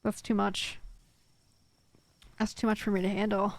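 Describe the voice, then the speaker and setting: A woman's voice: mid-range voice, level tone, a little slow, dry recording. A woman streaming a game live, chatting casually and rambling with lots of filler words. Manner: reads chat aloud and answers it. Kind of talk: casual live-stream chat while gaming.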